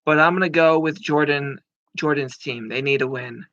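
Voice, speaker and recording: Speaking at a normal speed, a thirty-something man with a slightly high, fairly bright voice makes loose, meandering wrestling picks as a commentator. He fills his talk with fillers and casual curse words. No echo comes through on the muffled, dry, lo-fi recording.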